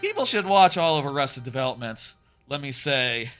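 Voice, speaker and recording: A man's voice: medium pitch, very animated, moderate pace, fairly bright tone. A man in his thirties chatting casually on a live stream while he plays, rambling with many fillers and restarts. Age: 30s. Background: faint game music.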